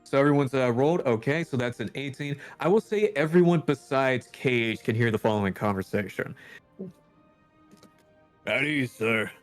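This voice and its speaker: A man's voice: medium pitch, expressive, a little fast, hardly any pauses, faint music behind. A man narrating a tabletop role-playing game as game master and calling for dice rolls.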